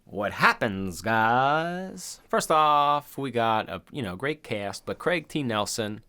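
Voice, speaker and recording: A man in his thirties co-hosts a podcast, chatting casually in a loose, profane, rambling way and retelling stories with quoted voices. His mid-range voice is smooth with a sharp tone and lively intonation, and he takes his time.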